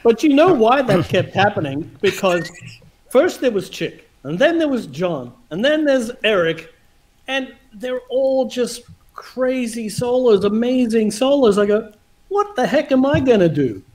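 Animated high-voiced man telling stories. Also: unhurried, rough recording. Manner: animated, laughs often, acts out dialogue. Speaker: guitarist telling a story. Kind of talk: casual storytelling chat. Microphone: video call.

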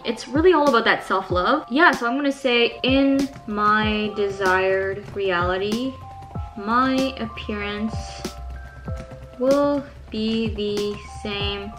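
A woman's voice: a little high, fairly bright tone. A young Canadian woman with a Canadian accent, explaining things step by step in a friendly, casual tutorial vlog. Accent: Canadian English. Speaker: vlogger.

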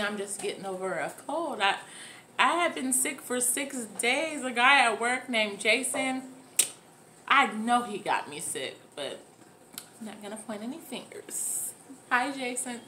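A woman's voice: fairly high pitch, lively intonation, slow, long pauses, bright, forceful tone, slight background noise. Woman chatting with her mouth full. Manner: talks with her mouth full between bites. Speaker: mukbang host. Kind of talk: casual eating chat to camera. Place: at home with children nearby.

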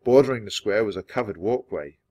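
A man reading a children's chapter book aloud in a clear, steady storytelling manner. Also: on the low side, fairly quick, dry recording, studio quality. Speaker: storybook reader.

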